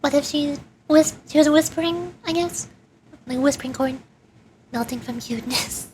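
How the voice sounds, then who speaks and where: A woman's voice: sits high, normal speed, darkish tone, slight background noise. A woman streamer chatting casually and giggling while playing a game. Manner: bubbly, giggly, rambling. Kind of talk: casual gaming chat.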